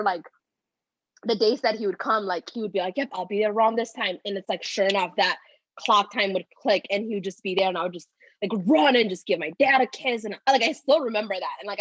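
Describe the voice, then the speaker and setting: A woman's voice: mid-range voice, no echo, dull audio. A woman in her thirties, a podcast guest telling personal stories in a casual, rambling way that is full of "like". At times she sounds tearful. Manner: talks in loose run-on phrases full of "like". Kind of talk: casual conversational storytelling.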